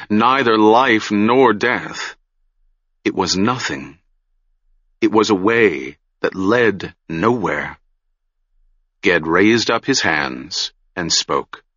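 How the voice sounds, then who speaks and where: A man reading a fantasy novel aloud in measured, dramatic audiobook narration, in a dull, muffled recording. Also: lowish voice, sharp tone, no room sound.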